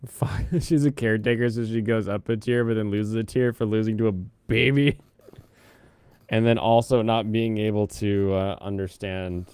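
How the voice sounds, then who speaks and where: Smooth-voiced man rambling on stream. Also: lowish voice, steady tone, moderate pace, a little mellow, no room sound. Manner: rambling, hums to himself between topics. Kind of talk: casual live-stream chat.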